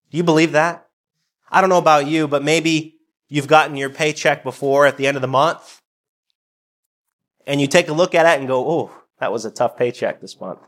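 A middle-aged man, a pastor delivering a sermon in a soft-spoken, conversational way. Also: mid-range voice.

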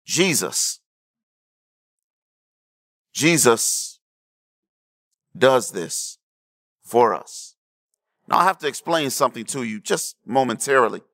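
A man preaching a sermon, checking in with the congregation and swinging between hushed low lines and raised emphatic ones. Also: lively intonation, takes it slowly, long pauses. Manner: preaching with call-and-response asides to the congregation. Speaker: pastor.

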